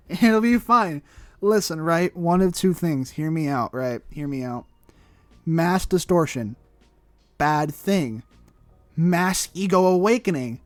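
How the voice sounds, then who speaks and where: Excitable high-voiced male streamer. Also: takes it slowly. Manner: excitable and rambling, laughs, swears casually. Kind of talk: casual live-stream chat while playing a game. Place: at home. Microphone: desk microphone. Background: faint chill background music.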